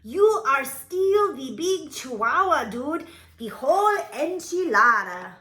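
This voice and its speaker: Woman doing a bouncy kitten boy, high and sing-song. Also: very animated, normal speed, fairly bright tone, roomy sound. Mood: excited. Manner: bouncy, sing-song, playful mock-Spanish phrasing. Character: excitable young boy kitten with big imagination.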